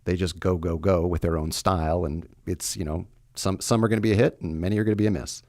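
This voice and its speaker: A man's voice: low-pitched, fairly even intonation, fast talker, a little mellow, no room sound, clean studio sound. A man hosting a podcast interview, asking long, winding questions. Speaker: podcast host.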